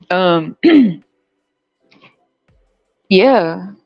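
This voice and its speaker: A man with an American country accent hosting a casual livestream chat, animated and profane, laughing often and jumping into high squeals. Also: extremely slow, gravelly, husky. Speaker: podcast host. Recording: dull lo-fi audio with faint music.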